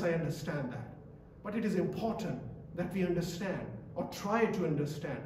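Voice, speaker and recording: A man's voice: high-pitched, darkish tone, a little hiss or hum. A man preaching a sermon in a church, emphatic and repetitive, quizzing the congregation as he goes. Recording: echoey church from a distance.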